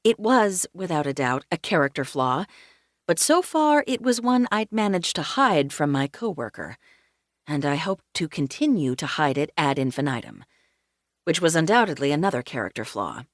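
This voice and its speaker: A woman narrating a cozy mystery audiobook in first person, with a wry, deadpan humor. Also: low voice, moderate pace, no room sound, clean studio sound.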